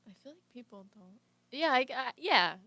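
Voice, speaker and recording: Woman guest, quiet and hesitant, bright voice, dry sound. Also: high voice, animated, fairly quick, no echo. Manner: soft-spoken, hesitant. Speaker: podcast guest. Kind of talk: casual podcast banter.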